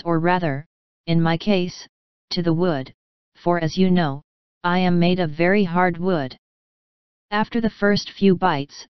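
A cheeky, playful wooden puppet boy from a storybook, as a woman reader puts him on. The voice is smooth and fairly low, boastful and quick-witted. It sounds dry, close and a little dull in tone. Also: no room sound, natural voice.

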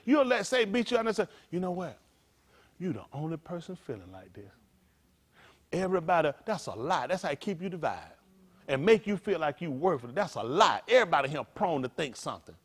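Animated high-voiced preacher. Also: male voice. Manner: animated, colloquial, rhetorical questions. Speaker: pastor. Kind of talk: conversational sermon.

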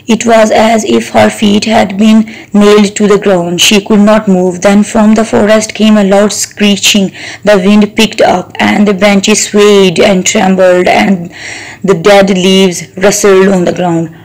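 Young woman teacher, unhurried storybook reading, gravelly, explains vocabulary as she goes. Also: medium pitch, a little mellow, low-quality recording. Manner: pauses to explain hard words. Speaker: English teacher. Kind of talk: reading a story aloud for students.

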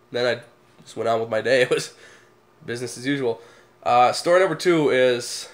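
A young man, casually telling funny stories to the camera and laughing at them. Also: medium pitch. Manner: laid-back, laughs at his own stories. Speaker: vlogger.

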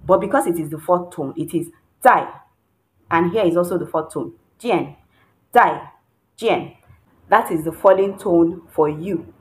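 A woman teaching a beginner language lesson, patiently repeating words slowly to show each tone. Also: lowish voice, mellow. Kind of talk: instructional lesson.

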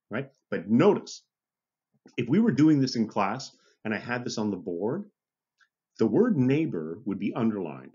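A man's voice: mid-range voice, a little mellow, breathy edge, dull audio. A man teaching a university lecture, chatty and checking in with "okay?" and "right?", often restarting and correcting himself. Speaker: university instructor. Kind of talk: recorded online lecture.

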